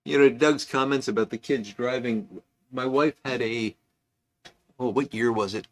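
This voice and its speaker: A man's voice: mid-range voice, unhurried. A man hosting a casual livestream, chatting loosely and reading out viewer comments with asides. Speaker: livestream host.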